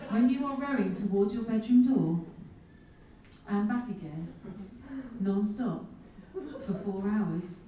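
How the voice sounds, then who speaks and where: A woman in her thirties tells self-mocking adventure stories to a conference audience. Her voice is mellow and warm. It reaches a distant mic in a large, echoey hall, with faint noise behind. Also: medium pitch, slow. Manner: lively, self-mocking storyteller with comic asides. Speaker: keynote speaker. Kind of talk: humorous keynote storytelling.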